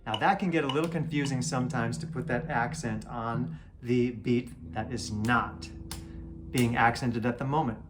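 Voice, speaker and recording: Over his own guitar playing, a man teaches a relaxed lesson, walking through an exercise, counting the beats, and calling out "triplet" loudly. He speaks in a mid-range voice at a moderate pace.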